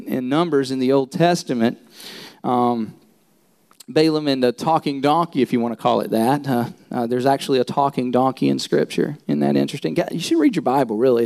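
A man's voice: medium pitch, creaky, darkish tone. A man preaching a sermon and telling stories animatedly, often repeating words as he restarts. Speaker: pastor.

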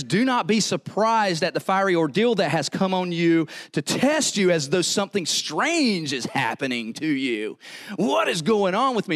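A Southern-accented pastor preaching with rising excitement, stumbling over and repeating words as he drives each point home. His voice sits a little high for a man and swings widely between quiet pleading and bursts of fervor. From American South. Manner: animated, repeats words, builds to excited exhortation. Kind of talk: sermon.

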